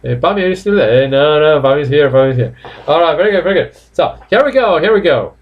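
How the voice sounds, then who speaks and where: A man teaching English in a live online class from home, chatty, repeating each phrase slowly. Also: fairly high pitch, lively intonation, highs cut off.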